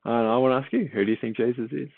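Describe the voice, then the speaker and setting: A gravelly man of medium pitch races through his words in a fairly even intonation. He reads from the Bible and then unpacks it in a relaxed teaching style, chatting, asking rhetorical questions and repeating himself as he thinks. Expect dry, tinny phone-like audio with no room sound.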